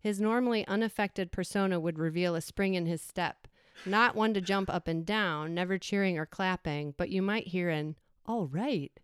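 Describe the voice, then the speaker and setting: Low-pitched woman in her forties, measured reflective storytelling, clear and dry. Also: no echo. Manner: reflective, measured reading with brief acted quotes. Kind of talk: personal essay read aloud.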